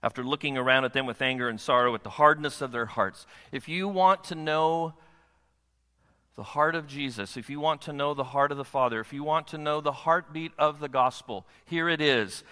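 A man preaching a sermon, his somewhat high voice bright and forceful. He keeps asking the congregation questions and checking that they follow him. The long reverb of a church hall trails behind every phrase. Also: normal speed, smooth. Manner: asks the congregation frequent rhetorical questions. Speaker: pastor.

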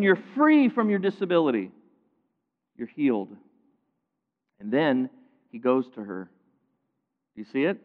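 A man preaches to his congregation in a voice pitched a little high, swinging between loud, pointed emphasis and hushed asides. The sound is thin and phone-like. A long reverb from a large sanctuary trails every phrase. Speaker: pastor. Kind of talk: sermon.

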